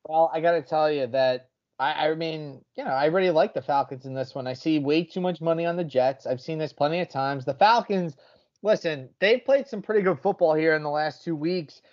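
A man's voice: on the high side, a little fast, muffled recording. A man hosting a sports betting podcast in casual, brash chat, swearing freely as he talks picks.

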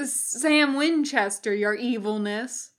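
A woman's voice: fairly high pitch, slow pace. A woman voicing a stammering young cultist man. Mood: nervous. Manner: hesitant, stammering. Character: nervous young male cultist. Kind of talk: fan audiobook reading.

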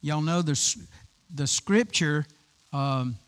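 A man's voice: on the high side, takes it slowly. A man preaching a conversational sermon, with frequent restarts and rhetorical questions. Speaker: pastor.

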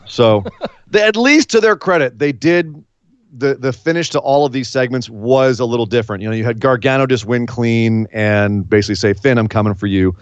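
A man's voice: medium pitch, moderate pace, clear, resonant tone, no room sound, muffled recording. A man co-hosting a wrestling podcast, recapping the week's show in a casual, chatty way with little laughs.

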